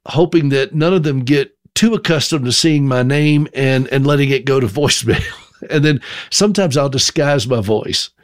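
A man's voice: medium pitch, moderate pace, dry recording. Folksy Southern man, dry close sound. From South Carolina. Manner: folksy, self-deprecating, humorous asides. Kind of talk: storytelling monologue.

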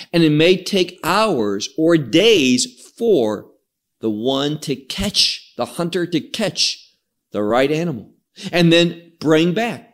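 A man preaching an expository sermon, reading scripture and explaining it with slow emphasis. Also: on the high side.

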